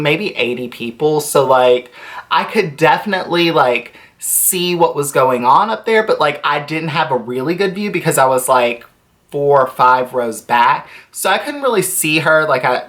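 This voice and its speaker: Deep-voiced woman in her twenties, casual storytime vlog, rambly. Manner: chatty, rambling, heavy filler words and casual swearing. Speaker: vlogger.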